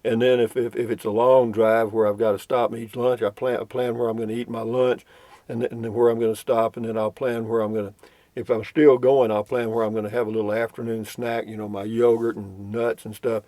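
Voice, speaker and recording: A man's voice: mid-range voice, level tone, fairly quick, warm tone, dry recording. An older man, rambling and chuckling as he reads viewer comments in a casual vlog from a road trip. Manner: folksy, rambling, chuckling often. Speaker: vlogger reading viewer comments. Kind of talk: casual chat.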